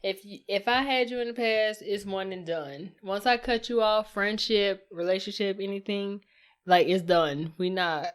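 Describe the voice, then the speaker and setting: A woman's voice: mid-range voice, moderate pace, smooth. A blunt, outspoken woman, swearing freely in casual podcast chat. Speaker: podcast co-host.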